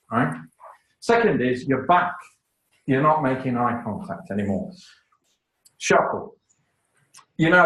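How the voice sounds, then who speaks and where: A man giving a lively, emphatic lecture on public speaking, with joking asides to the audience. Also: medium pitch, reverberant, low-quality recording. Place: lecture room.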